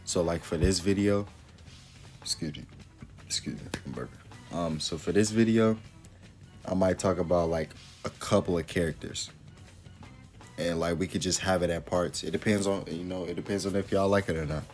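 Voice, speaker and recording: A man talking casually to his viewers in a relaxed, rambling way, full of fillers. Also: low voice, moderate pace, faint music behind. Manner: laid-back, rambling, lots of fillers. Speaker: YouTuber. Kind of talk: casual video commentary.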